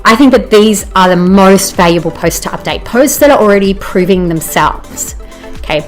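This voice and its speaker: A woman's voice: medium pitch, expressive, normal speed, soft background music. An Australian woman giving an enthusiastic, conversational presentation, often checking in with "you know" and "okay?". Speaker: presenter teaching bloggers. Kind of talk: presentation talk.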